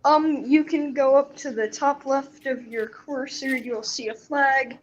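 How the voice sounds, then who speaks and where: High-pitched woman, slow and teasing, bit of a dull hissy recording. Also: fairly even intonation. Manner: teasing, sarcastic. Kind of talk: casual chat. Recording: slightly dull, faint hiss.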